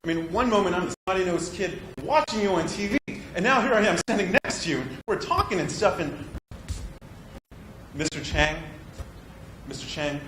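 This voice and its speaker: A man's voice: fairly high pitch, fairly bright tone. A man performing a stage monologue as an earnest young male actor, confiding and at times exasperated. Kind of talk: theatrical monologue. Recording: echoey room with background noise.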